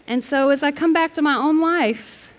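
A woman's voice: high voice, moderate pace. A middle-aged woman preaching a sermon with stories, emphatic and rising to bursts, calling on the congregation to respond. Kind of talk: sermon with storytelling. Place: large church sanctuary. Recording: reverberant hall.

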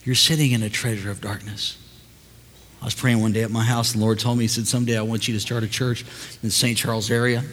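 An older man, a pastor, telling stories in a sermon, moving from quiet asides to loud preaching. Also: medium pitch, flat delivery, fast, in a large hall. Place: large church hall.

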